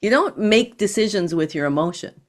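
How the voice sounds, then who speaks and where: A woman guest on an interview podcast, explaining ideas in a calm, teaching manner. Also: mid-range voice, normal speed. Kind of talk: interview conversation.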